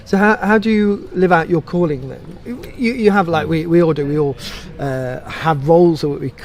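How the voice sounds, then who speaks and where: A man's voice: fairly high pitch, moderate pace, a little mellow. A man, a vicar, hosting an interview show in an upbeat way, asking loose questions that trail off into restarts.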